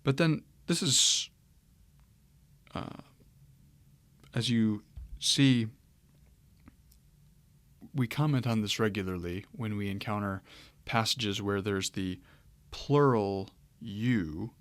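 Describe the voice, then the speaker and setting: A man teaching Greek grammar in a relaxed, explanatory way as he walks through a screen-share lecture, with frequent fillers. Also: fairly low pitch, slow pace, long pauses, no room sound.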